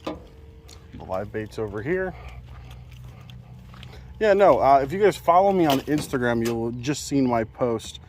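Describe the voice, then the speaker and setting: A man chats to his viewers while fishing from a bank outdoors, his voice rising and falling a lot as he talks. He is relaxed and self-deprecating, picked up by a chest-mounted camera with faint outdoor noise behind him. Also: medium pitch, unhurried, pauses often. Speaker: fishing vlogger.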